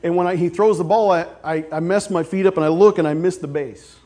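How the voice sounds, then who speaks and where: A male pastor preaching a sermon, with casual stories and sudden loud, emphatic outbursts. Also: fairly high pitch, brisk.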